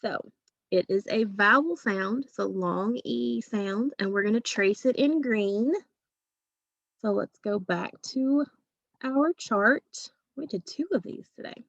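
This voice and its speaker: A woman's voice: medium pitch, slow, vocal fry, dry recording, dull audio. A woman teacher giving a phonics lesson to young children, patient and drawing out each sound.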